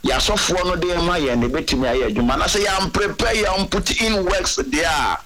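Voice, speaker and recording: Ghanaian male caller, higher voice, code-switching storyteller, radio line. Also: fairly quick, a bit bright, poor audio. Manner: mixes English and Twi, preachy storytelling. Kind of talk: call-in opinion over phone.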